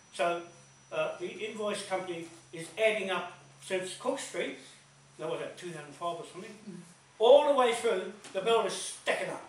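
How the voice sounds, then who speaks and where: A man telling stories at a community meeting, emphatic and repetitive, laughing between points. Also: high-pitched. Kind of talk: animated storytelling talk. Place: large meeting hall. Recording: echoey room from far off, faint noise.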